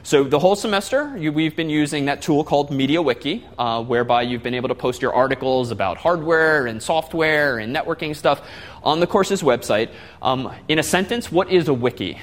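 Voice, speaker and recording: A man's voice: on the high side, lively intonation, brisk. A man giving a classroom lecture, explaining step by step and putting questions to the class.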